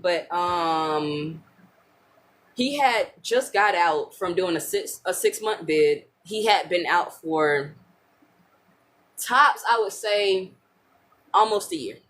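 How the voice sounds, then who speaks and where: Halting young woman telling a story. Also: fairly low pitch, a bit bright. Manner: halting, repeats words. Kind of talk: casual storytelling.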